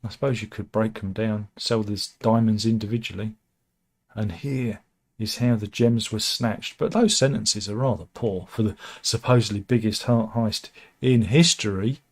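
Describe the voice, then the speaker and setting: A man's voice: fairly low pitch, steady tone, moderate pace. A man from the UK, hosting a casual news chat, reading out headlines with wry, sarcastic asides and frequent restarts.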